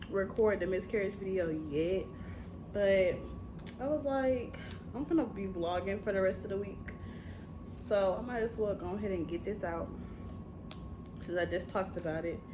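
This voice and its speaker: A woman's voice: mid-range voice, noisy background. A woman vlogger telling a candid, casual story to her camera, swearing freely.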